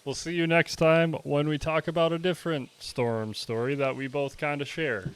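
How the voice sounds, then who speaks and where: A man's voice: on the high side, steady tone, moderate pace, smooth. A man co-hosting a podcast in casual chat, laid-back and teasing. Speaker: podcast co-host.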